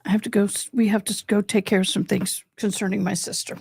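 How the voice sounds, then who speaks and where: A woman's voice: medium pitch, flat delivery, fast, creaky, a little mellow, husky, no echo, studio quality. A middle-aged woman hosting a livestream, giving blunt, chatty commentary on a court hearing straight to her viewers. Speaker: livestream host. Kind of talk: casual live commentary on a court stream.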